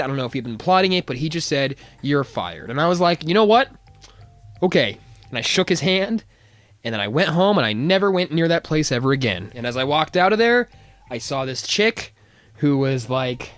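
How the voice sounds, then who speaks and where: Young man, casual storytelling, self-mocking, lively swooping pitch, dry close sound. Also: no room sound. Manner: rambling, laughing, self-mocking. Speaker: vlogger.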